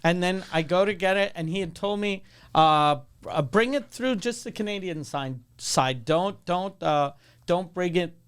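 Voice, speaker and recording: High, smooth-voiced man telling stories. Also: measured pace, fairly bright tone. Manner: rambling storyteller, swearing freely. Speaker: podcast co-host. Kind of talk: casual chat.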